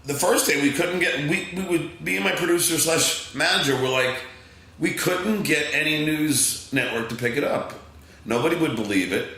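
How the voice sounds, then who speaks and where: A middle-aged man with a Long Island accent tells a story with excitement, acting out voices and tripping over restarts. His voice has a gravelly edge and a bright, forceful tone. It rings out in a very echoey room. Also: a little high, moderate pace. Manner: excitable, acts out voices, frequent fillers and restarts. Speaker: podcast guest. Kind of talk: animated storytelling.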